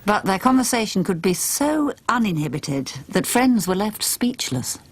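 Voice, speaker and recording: A woman giving scripted documentary narration in a measured, even way. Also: mid-range voice, slightly rough.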